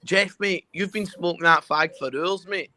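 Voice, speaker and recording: A man with a Glaswegian Scottish accent, tipsy, taunting and swearing loudly as a rowdy guest on a comedy podcast. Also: sits high, fairly even intonation, moderate pace. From Scotland. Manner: brash, profane, taunting. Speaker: call-in guest.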